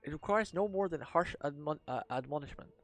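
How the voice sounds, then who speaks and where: A man voicing a gentle young male executioner who pleads and reassures. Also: on the high side, lively intonation, brisk, soft background music. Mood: earnest.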